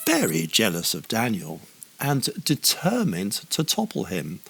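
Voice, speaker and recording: A man's voice: fairly low pitch, huge pitch swings, measured pace, vocal fry, a bit bright, slightly rough. A man narrating a children's story with a playful, wry manner and humorous asides.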